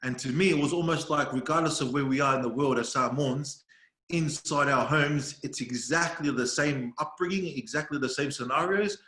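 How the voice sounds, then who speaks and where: A man's voice: a little high, moderate pace. Australian man telling stories, echoey room. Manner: laughing, storytelling, quotes others in animated voices. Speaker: podcast guest, video creator. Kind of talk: casual chat.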